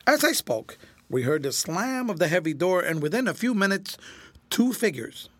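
Male audiobook narrator, lively pitch, bright tone, dry close recording. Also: normal speed, no room sound. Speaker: audiobook reader. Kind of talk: scripted narration.

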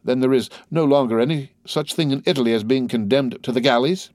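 A man's voice: mid-range voice, fairly quick, darkish tone, no room sound, studio quality, voice pushed up, natural voice. A man reading aloud who voices an eager, scheming young man with an anxious, ingratiating manner. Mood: sly.

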